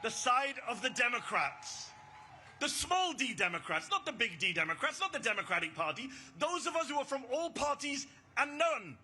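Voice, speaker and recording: A man giving an impassioned, rousing protest speech at an outdoor rally, shouting slogans and leading call-and-response. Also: very high-pitched, very animated, normal speed, slight background noise. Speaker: rally speaker.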